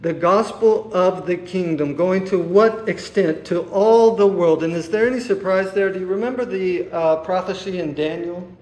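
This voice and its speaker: A man preaching a sermon, asking his listeners rhetorical questions and often pausing on "uh". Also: sits high. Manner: asks the listeners rhetorical questions, with many "uh" fillers. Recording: echoey room.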